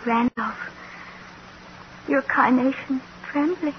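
A coy, wistful woman in a 1940s radio comedy. She nudges a shy suitor along in a high, light voice. It comes through a dull old radio recording with a faint hiss. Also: slow. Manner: coy, wistful, gently forward. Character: lonely, demure woman longing to be courted.

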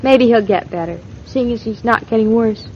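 An actress voicing a lively, teasing young wife in an old radio drama. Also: female voice, on the high side, moderate pace, slight background noise, natural voice. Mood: playful. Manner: bright, teasing and eager. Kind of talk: 1940s radio acting. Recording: muffled old radio transcription.

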